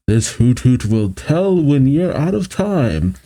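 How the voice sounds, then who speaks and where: A shifty salesman hawks a contest with a lifted, sing-song patter, as a man puts him on. The pitch sits clearly above the reader's low own voice. It is a comic read aloud. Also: sing-song, slow pace, warm tone, full character voice. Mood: salesy.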